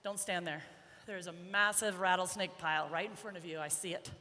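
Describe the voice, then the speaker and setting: A woman horse trainer giving a live riding demonstration, chatting, joking and softly coaxing her young horse. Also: on the low side, brisk. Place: large indoor arena. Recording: echoey arena with faint background noise.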